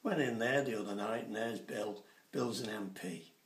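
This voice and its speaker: A man, doing stand-up comedy in a chatty, animated way and putting on voices for his jokes. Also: on the low side, moderate pace. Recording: roomy sound from a distant mic.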